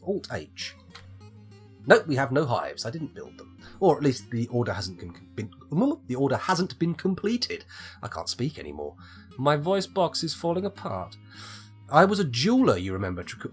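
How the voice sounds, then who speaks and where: A man's voice: mid-range voice, sing-song, normal speed, faint music behind. A man from the UK streaming a game live, rambling and chatting with his viewers and joking at his own expense. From United Kingdom. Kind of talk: live gameplay commentary.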